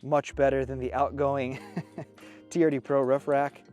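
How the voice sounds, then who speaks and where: A man's voice: mid-range voice, measured pace, soft background music. A man in his thirties giving an enthusiastic, casual walkaround review of a new truck outdoors, a bit out of breath. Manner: enthusiastic, excitable. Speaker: off-road vehicle reviewer.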